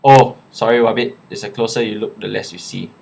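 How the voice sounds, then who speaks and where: A young Singaporean man in a casual live chat, reading viewers' questions aloud and answering them in a relaxed, chatty way. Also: lowish voice, brisk, vocal fry, slight background noise.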